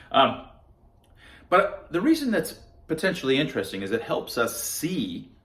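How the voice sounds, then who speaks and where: A man's voice: mid-range voice, a bit bright, echoey room. A man giving a casual science explainer monologue to camera, conversational and often restarting his words. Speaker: science vlogger.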